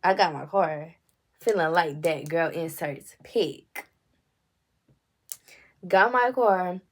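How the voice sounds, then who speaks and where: Animated young woman telling a story. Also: fairly low pitch, takes it slowly. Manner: animated, acts out quotes, frequent swearing. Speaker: storytime vlogger. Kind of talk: casual storytime.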